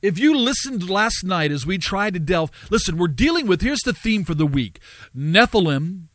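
A man's voice: high voice, big pitch swings, moderate pace, a bit bright, dry recording. Earnest male radio host, dry and close. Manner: earnest preaching cadence with fillers. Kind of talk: live radio talk, storytelling.

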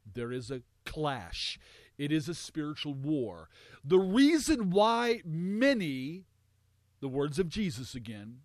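A man with a high voice delivers a sermon in slow, deliberate phrases. He leans hard on repeated words, swelling to loud peaks and sinking to near murmurs. The sound is dry and close, with no room around it. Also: very animated, no room sound. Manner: emphatic, rising to loud peaks and dropping low. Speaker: preacher.

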